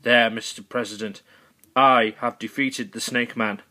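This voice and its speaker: A man voicing a solemn male warrior mentor who speaks slowly and formally. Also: mid-range voice, steady tone, pushed and bright.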